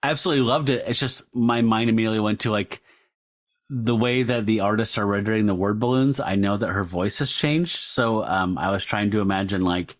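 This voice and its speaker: Brief: low-pitched man, podcast co-host, excitable chatter, curses freely. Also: fairly quick. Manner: excitable, animated, swears casually. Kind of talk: casual chat about comics.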